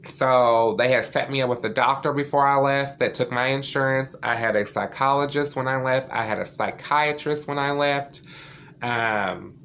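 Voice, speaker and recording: In an earnest, candid personal story to camera, a vlogger speaks at a normal speed with fairly even intonation. His medium-pitched voice is fairly bright, his style loose with many fillers, and a little hiss or hum is audible.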